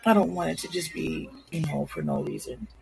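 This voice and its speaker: Gravelly-voiced woman podcasting. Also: sits low, fairly quick, a little mellow, rough recording. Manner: rambling, candid, self-deprecating. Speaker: podcast host. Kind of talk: casual solo podcast chat. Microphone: home recording setup.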